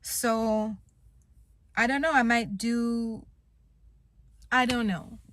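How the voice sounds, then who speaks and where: Young woman, blunt frustrated vlog vent, swears freely, fairly high voice, bright tone. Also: fairly even intonation, extremely slow, a little hiss or hum. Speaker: vlogger. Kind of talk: venting to camera.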